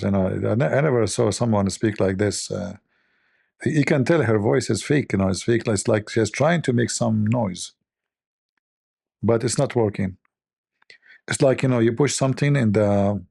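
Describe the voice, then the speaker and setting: Host type: husky, low-voiced man, mocking and rambling as he jokes. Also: moderate pace, darkish tone, no room sound, clean studio sound. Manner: mocking, rambling, thinks aloud. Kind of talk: joking commentary.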